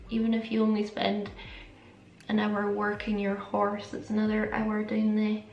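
Rambling and self-aware, a woman talks her way through a makeup tutorial at her home setup, a beauty vlogger in casual mode. She speaks at a fairly high pitch with slight background noise. Faint music plays in an echoey room.

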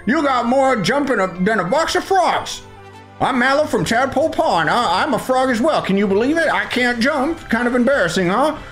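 A man's voice: very high voice, animated, moderate pace, a bit bright, faint music behind, voice pushed up. A man voicing a timid, eager young frog boy while reading game dialogue aloud, stammering as he gushes. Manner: stammering, gushing.

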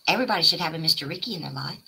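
A woman, live streaming a profane, taunting rant at a rival, swinging from shouted demands to low mutters. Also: lively intonation, very fast, gravelly, slightly rough, low-quality recording. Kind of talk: confrontational livestream rant.

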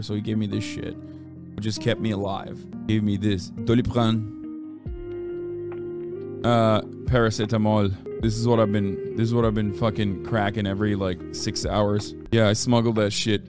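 A man in his thirties chatting casually as a streamer, answering viewer questions, cursing freely and swinging between low mumbling and loud rants while in pain from an injury. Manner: profane, ranting, shifts between low mumble and loud outbursts.

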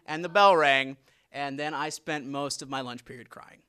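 A man telling a comedic personal story with sardonic, deadpan punchlines. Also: mid-range voice, moderate pace.

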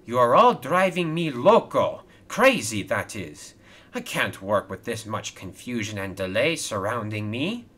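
A man's voice: lowish voice, lively intonation, measured pace, fairly bright tone. A man doing a stern crane boss. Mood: cross. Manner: firm, scolding, exasperated. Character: stern hardworking male crane boss, gruff but fair. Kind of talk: toy train storybook video.

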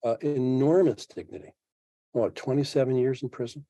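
A man's voice: mid-range voice, steady tone, moderate pace, dark tone, dry recording. A man in his seventies, a podcast guest speaking reflectively in an interview and thinking aloud with frequent restarts. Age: 70s. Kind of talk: interview conversation.

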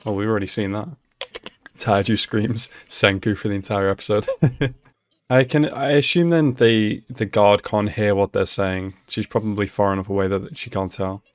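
A man hosting an anime reaction video, talking casually and excitedly at the screen, laughing often. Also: lowish voice, normal speed, dry recording. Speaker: anime reaction channel host.

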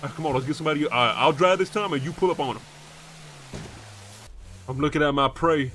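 A man's voice: on the high side, fast talker, a bit bright, slight background noise. A man streaming a game role-play as a pirate robber, brash and profane, throwing in growled pirate calls.

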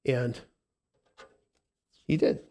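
A man delivers a sermon as pastor, lisping as he speaks with emotion. His speech halts and restarts often, alternating between quiet, tender passages and emphatic statements.

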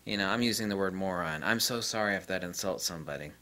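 Guy ranting solo about his ideas, sharp pushy voice, swears a lot, rambly and dismissive. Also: sits low, fast talker. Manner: combative, profane and rambling; scornful toward critics. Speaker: channel host.

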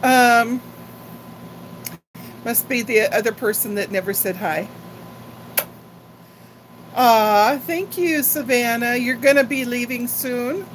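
A woman's voice: on the high side, slow, pauses often, a little hiss or hum, low-quality recording. An older woman chatting casually and rambling on a live-stream haul video, talking like a grandmother. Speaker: vlogger.

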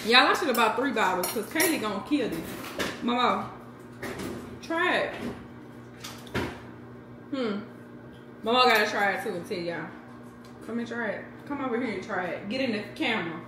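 A woman's voice: on the high side, animated, moderate pace, pauses often, reverberant, background noise. A woman in her thirties chatting casually to her viewers in a home vlog, talking straight to them as "y'all". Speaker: vlogger.

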